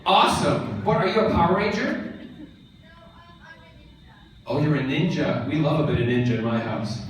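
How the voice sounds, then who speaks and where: A man's voice: fairly high pitch, sing-song, normal speed, over music. Playful man echoing in a convention hall. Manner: playful, teasing, theatrical. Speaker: convention panel guest. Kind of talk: lively stage banter and anecdote. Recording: echoey hall taped from far off. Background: audience crowd.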